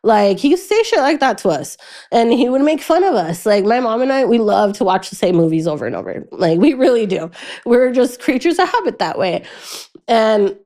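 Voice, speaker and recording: Speaking on a podcast as a guest, this young woman has a voice on the high side with a sing-song lilt. Her account of a painful personal experience is candid, full of stops and restarts, and she goes quiet when it gets hardest.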